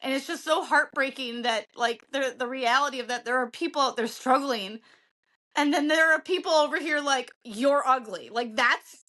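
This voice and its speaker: A woman's voice: high-pitched, normal speed, sharp tone. A woman from the co-hosting a podcast, speaking in an earnest, heartfelt and defiant way in casual chat. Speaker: podcast co-host.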